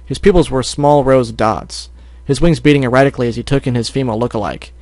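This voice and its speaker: A man talks fast while reading fan fiction aloud for an amateur audiobook, occasionally stumbling and then self-correcting. His voice is medium in pitch with a darkish tone, and there's no echo.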